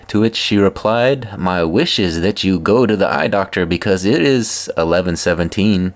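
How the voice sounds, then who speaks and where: A man hosting a comedy video, reading funny posts aloud with wry, deadpan asides. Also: deep voice, moderate pace, hardly any pauses. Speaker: host reading viewer posts.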